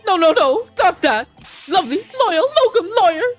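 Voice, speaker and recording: A woman playing a gushing, high-pitched excitable man. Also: moderate pace, soft background music. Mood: ecstatic. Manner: gushing, alliterative outbursts. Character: excitable, theatrical Japanese man abroad. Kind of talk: reading a visual novel aloud.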